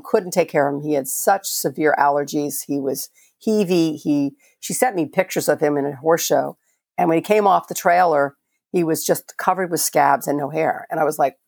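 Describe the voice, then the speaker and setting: A woman's voice: low voice, vocal fry, a little mellow, dry recording, studio quality. An older woman from Florida, a veterinarian guest on a podcast, telling stories in a passionate, conversational way with frequent restarts. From Florida, USA. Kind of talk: podcast interview storytelling.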